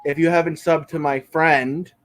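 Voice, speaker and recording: A man's voice: on the high side, steady tone, moderate pace. Profane man bickering with his live chat. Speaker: livestreamer. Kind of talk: casual live stream chat reading comments. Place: bedroom.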